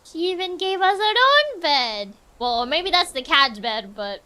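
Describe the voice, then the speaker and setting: A woman's voice: very high voice, sing-song, measured pace, pushed and bright. A woman streamer giving casual let's-play commentary, chatty and thinking aloud.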